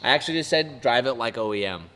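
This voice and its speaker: A young man hosting a casual car vlog, chatting excitedly with lots of "like" and "dude". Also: medium pitch, fast. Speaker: car vlogger host. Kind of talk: casual chat. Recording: loud background noise.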